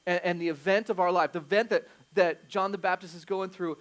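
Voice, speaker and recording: High-pitched guy pastor, talky sermon, goes quiet then really loud. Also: steady tone, a little fast, hardly any pauses. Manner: conversational, swings from quiet asides to loud emphatic bursts; self-deprecating, jokes with the congregation.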